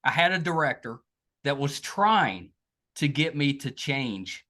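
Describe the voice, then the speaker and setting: A woman's voice: rumbling low, sing-song, a little slow, a bit bright. A woman from West Virginia with a strong Southern drawl, hosting a podcast interview in a chatty, self-deprecating way. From West Virginia, USA. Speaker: podcast host. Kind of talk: casual interview chat.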